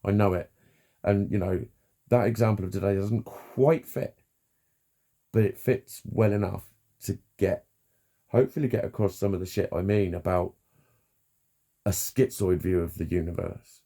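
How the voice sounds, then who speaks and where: A man giving a frank, halting personal monologue, swearing freely and restarting his sentences. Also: sits low, warm tone. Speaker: vlogger.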